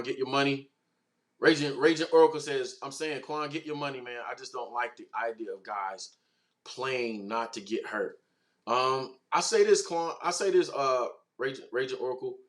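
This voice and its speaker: A man hosting a casual sports livestream, talking in an animated, slangy way and answering chat comments. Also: mid-range voice. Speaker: host.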